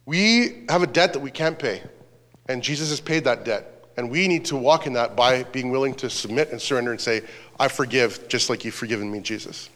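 A man's voice: medium pitch, fairly quick, a bit bright. Man preaching in a reverberant hall. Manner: earnest preaching, reading scripture aloud. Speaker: pastor. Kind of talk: sermon.

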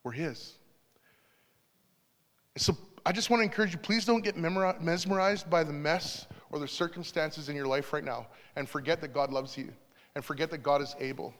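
A middle-aged pastor preaches in a church, his voice a little high for a man, at a moderate pace. He's relaxed and conversational, warmly telling stories with small asides, and a long hall reverb surrounds the sound.

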